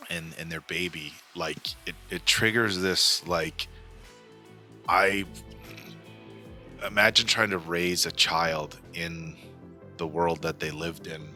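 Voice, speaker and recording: A man's voice: deep voice, bright, forceful tone. A man in his forties hosting a movie reaction, talking casually and earnestly with many fillers and restarts. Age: 40s. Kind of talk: casual chat.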